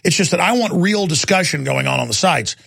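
A man's voice: high-pitched, animated, brisk, gravelly, a bit bright, breathy edge, dry recording, clean studio sound. A man hosting a call-in radio talk show, speaking in an intense, rambling, emphatic way.

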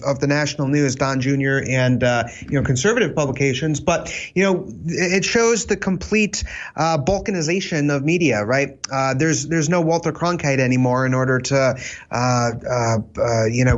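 A man speaking as a guest commentator on a political talk show, halting with lots of fillers and a wry edge. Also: on the high side, lo-fi sound.

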